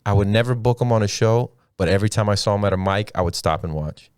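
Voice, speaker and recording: A man's voice: lowish voice, quick pace, smooth, no room sound, studio quality. A man, a comedian and podcast host, telling rambling, profane stories in casual chat. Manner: profane, rambling storyteller, laughs at his own stories.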